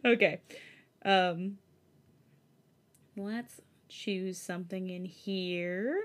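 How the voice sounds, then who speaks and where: A woman with a lowish voice and fairly even intonation reads fan fiction aloud on her podcast, extremely slowly. She keeps breaking off for chatty, giggly asides in this casual story reading.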